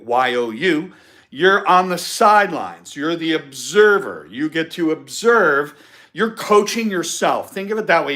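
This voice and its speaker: A man's voice: a little high, a bit bright. A man hosting a live-stream podcast, giving an emphatic motivational talk and repeating his key points. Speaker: podcast host.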